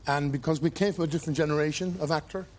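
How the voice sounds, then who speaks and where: A man's voice: fairly high pitch, steady tone, racing, slight background noise. A man telling a rambling anecdote as a guest on a talk show. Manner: rambling, roundabout storytelling.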